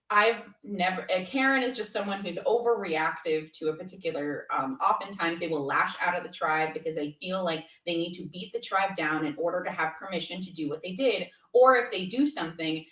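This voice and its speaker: A woman's voice: on the low side, a bit bright. A woman talking candidly and animatedly as an interview guest, laughing often. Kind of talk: casual interview conversation. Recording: roomy echo, from far from the mic.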